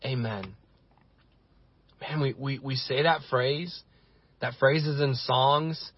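A man's voice: medium pitch, fairly even intonation, slow pace, breathy edge, no echo, highs cut off. A male pastor giving an impassioned sermon, building his points through repeated phrases.

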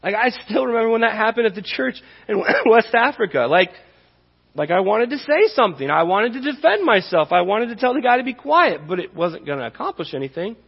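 Impassioned pastor preaching in a reverberant hall. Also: male voice, high voice, big pitch swings, brisk, vocal fry, slightly rough. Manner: impassioned, rising to emphatic peaks, conversational asides. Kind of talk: sermon. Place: church sanctuary. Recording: dull reverberant church hall.

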